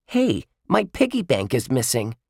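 A man's voice: mid-range voice, huge pitch swings, a little slow, creaky, darkish tone, breathy edge, no echo, studio quality, voice pushed up, heavily acted. A man voicing a clever, curious young girl who thinks things through. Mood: thoughtful.

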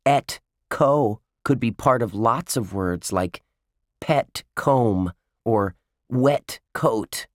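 A man voicing an excitable young boy who jokes and yells about cookies. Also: medium pitch, extremely slow, no room sound, studio quality, pitched above the performer's own voice. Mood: excited, joking. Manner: loud, yelling, playful.

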